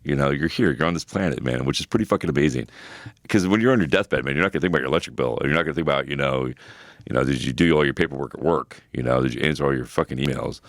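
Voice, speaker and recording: A man with an extremely low, deep voice chats on a podcast, lively and loose, swearing often and packing his talk with fillers. The sound is dry and close, with no room around it. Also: very fast, no echo. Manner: animated, swears freely, many "you know" fillers. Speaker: co-host. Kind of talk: casual podcast chat.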